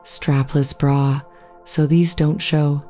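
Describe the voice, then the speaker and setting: A brisk, bossy shop clerk barks orders in a low, mellow voice, as a woman narrator puts her on. Her tone is matter-of-fact, with faint music underneath. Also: little pitch movement.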